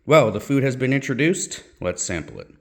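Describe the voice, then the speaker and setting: A man's voice: medium pitch, sing-song, normal speed, creaky, reverberant. A man reviewing snacks and drinks in a casual vlog, chatty and thinking aloud, often correcting himself. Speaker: food reviewer.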